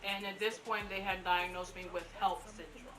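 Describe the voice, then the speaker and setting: A woman in her twenties telling her own story in a casual, animated way, acting out what people said. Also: mid-range voice, normal speed, a crowd in the background, rough recording. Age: 20s. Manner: animated, acts out quotes. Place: room at home.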